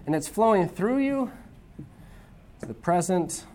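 A lecturer from the United States, giving an informal classroom talk in a chatty way, with quick asides and checks like "okay?". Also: medium pitch, expressive, darkish tone, a little hiss or hum.

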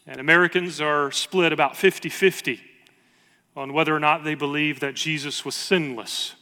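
A man preaching a sermon in a church, his voice bright and forceful and pitched a bit high. He reads scripture aloud with earnest emphasis, and a long reverb trails each phrase. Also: fairly even intonation, moderate pace. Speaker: pastor.

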